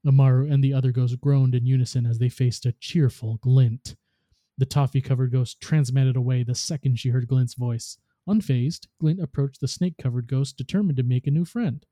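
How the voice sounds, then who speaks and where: Podcast host narrating a story, very dark mellow voice, dry sound. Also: male voice, mid-range voice, fairly quick, no room sound. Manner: steady storytelling read.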